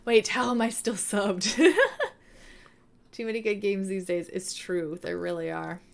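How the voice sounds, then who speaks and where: A woman's voice: medium pitch, slow pace, gravelly. A woman chatting casually and playfully on a live stream, now and then baby-talking to her dog.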